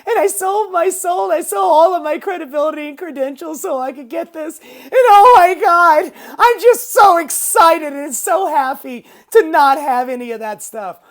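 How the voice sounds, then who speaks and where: A woman's voice: very high voice, moderate pace, voice pushed up. A woman putting on a mock-cheerful female politician, sugary and over the top with sarcastic enthusiasm. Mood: mock gushing.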